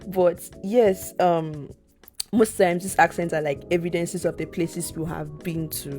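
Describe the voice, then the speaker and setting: A young Nigerian-accented woman with a lowish voice talks through ideas in an easy, reflective way, doubling words for emphasis. Faint music runs under her. She sounds like a podcast co-host chatting with a friend. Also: steady tone, a little slow. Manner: reflective, repeats words for emphasis, laughs often. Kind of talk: casual chat.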